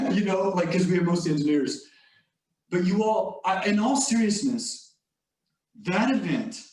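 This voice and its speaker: A man giving a motivational leadership talk, telling a workplace story in a conversational way with many asides to the audience. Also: high voice. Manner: storytelling, conversational with filler "like" and "you all". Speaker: leadership speaker. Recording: echoey room, distant mic.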